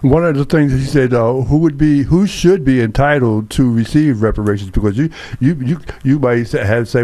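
A man hosting a talk show, posing a question with halting restarts. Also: mid-range voice, mellow, dry recording. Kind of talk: casual discussion.

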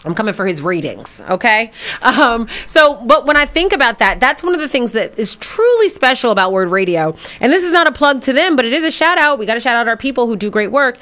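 A woman's voice: on the high side, big pitch swings, a little fast, bright, forceful tone. A woman hosting a radio talk show, outspoken and teasing, chatting casually with a co-host.

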